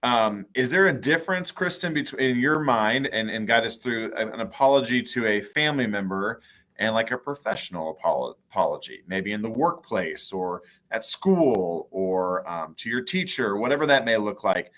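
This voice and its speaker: Brief: male co-host, lowish voice, hesitant and thoughtful questions. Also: animated, moderate pace, fairly bright tone. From United States. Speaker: mayor co-hosting a talk show. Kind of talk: live conversational talk.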